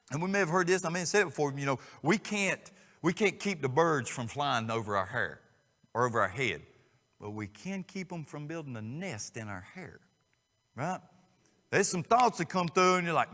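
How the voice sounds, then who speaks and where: A man's voice: mid-range voice, very animated, moderate pace. Man preaching in an echoing hall. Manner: folksy and conversational, acts out quotes with swings from hushed to loud. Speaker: guest preacher. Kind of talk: sermon. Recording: long reverb of a church sanctuary.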